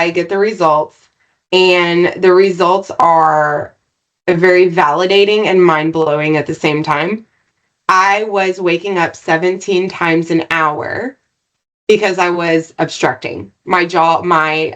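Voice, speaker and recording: Earnest woman telling her story. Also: on the low side. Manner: earnest, animated retelling with frequent "right?" tags. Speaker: podcast guest. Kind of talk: personal storytelling in a podcast interview.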